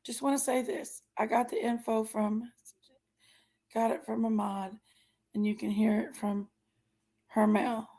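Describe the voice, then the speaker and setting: A woman's voice: on the high side, flat delivery, unhurried, pauses often, dark tone. A woman hosting a casual livestream, chatting in a folksy way and greeting viewers by name. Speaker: livestream host.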